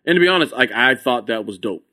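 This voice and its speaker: A man's voice: mid-range voice, expressive, fast, pushed and bright. A man guesting on a podcast as a comedian, chatting casually with a joking, profane, laid-back manner. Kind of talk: casual chat.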